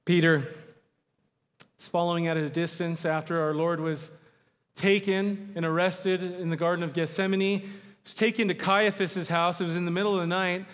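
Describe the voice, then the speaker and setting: A man preaching a sermon, emphatic, slowing down to stress key words. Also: sits high, level tone, a bit bright. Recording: long hall reverb.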